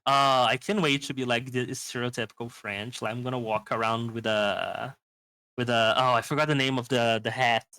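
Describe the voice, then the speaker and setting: A young Brazilian man guesting on a casual stream, speaking English with a Brazilian Portuguese accent and laughing easily as he rambles. His voice is bright and mid-pitched, heard close and dry. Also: fairly even intonation, normal speed, no room sound, low-quality recording. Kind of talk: casual chat.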